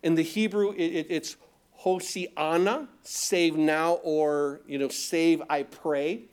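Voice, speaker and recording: A man's voice: a little high, fairly even intonation, takes it slowly, darkish tone, clear, resonant tone. A man preaching a sermon, reading scripture aloud and explaining it, often asking his listeners rhetorical questions and repeating words as he goes. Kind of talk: expository sermon.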